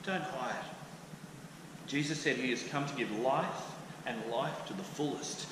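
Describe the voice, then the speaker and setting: A man preaching a sermon as pastor, animated and acting out quoted voices loudly. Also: medium pitch, measured pace. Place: church hall. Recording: echoey church hall with faint noise.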